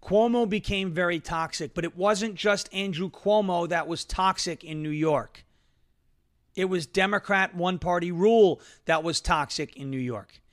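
A man's voice: high-pitched, normal speed. A man hosting a political talk livestream, ranting with a combative, sarcastic edge. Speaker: political talk show host.

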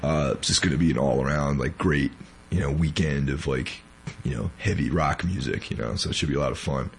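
The podcast host has a gravelly bass voice and talks fairly quickly over slight background noise. Sick and weak, he rambles along casually, leaning on plenty of fillers.

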